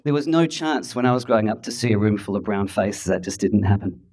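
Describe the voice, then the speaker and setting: A man's voice: lowish voice, lively intonation, brisk, a little mellow. A middle-aged man from Adelaide telling his story with wry humor to an audience. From Adelaide, Australia. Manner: wry, self-deprecating, with playful impressions and asides. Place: event hall with audience. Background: audience laughter.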